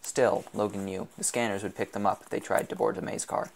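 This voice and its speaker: A man reading a science fiction novel aloud in a steady, measured narration. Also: lowish voice, creaky. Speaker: audiobook reader.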